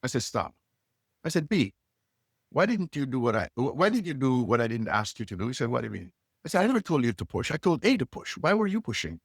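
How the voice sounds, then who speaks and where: Husky, animated male storyteller. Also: medium pitch, quick pace, dry recording, studio quality. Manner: acts out dialogue with lively inflection. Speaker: guest, leadership coach.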